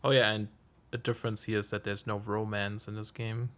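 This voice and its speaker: A man's voice: fairly low pitch, fairly quick. Laid-back man narrating his gameplay. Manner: relaxed, thinks aloud, chuckles often. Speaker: let's play streamer. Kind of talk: casual gameplay commentary.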